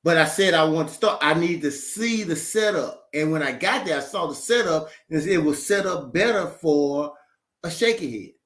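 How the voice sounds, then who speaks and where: A man on a live stream, firing back at the host with playful trash talk in a slightly high voice. The sound is roomy and echoey. He talks in loose, chatty bursts. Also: normal speed, a bit bright. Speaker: guest. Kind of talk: casual live stream chat.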